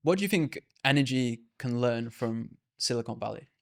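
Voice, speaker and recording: A man's voice: mid-range voice, lively intonation, normal speed, vocal fry. A man hosting a casual podcast interview in a laid-back way, often filling his sentences with "like". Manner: laid-back, leans heavily on "like". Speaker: podcast host.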